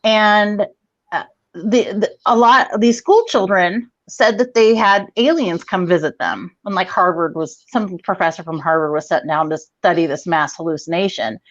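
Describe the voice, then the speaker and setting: A woman in her forties on a video call, telling a rambling, profane story in a casual, animated way. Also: lowish voice, normal speed, no room sound, muffled recording. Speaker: guest comedian.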